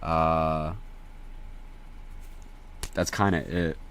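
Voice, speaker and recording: A young man from Indiana, chatting casually to viewers on a livestream in an excitable, slangy, profane way. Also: rumbling low, drawn-out words, slight background noise.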